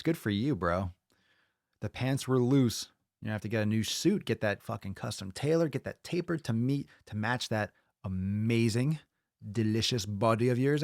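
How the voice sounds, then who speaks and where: A man's voice: on the low side, no echo, clean studio sound. A man hosting a fitness podcast in casual chat, ranting bluntly and swearing often. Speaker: podcast host.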